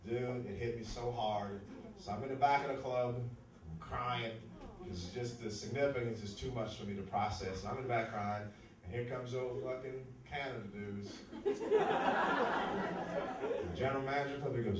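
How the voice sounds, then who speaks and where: A man from the United States doing a profane, animated stand-up set, recorded live in a comedy club with the audience behind him. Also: mid-range voice, moderate pace, far from the mic. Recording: echoey live club, crowd and noise. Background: laughing audience.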